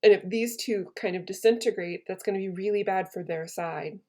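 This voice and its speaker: A woman's voice: medium pitch, brisk, dark tone. A woman teacher reading a play aloud in a casual lesson and retelling the old verse in casual modern slang.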